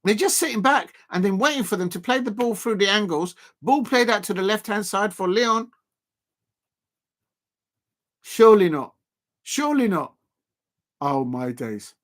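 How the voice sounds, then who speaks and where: A man doing live football reaction commentary as a streamer, chatty and quick to exclaim. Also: high-pitched, lively intonation. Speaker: live watch-along streamer.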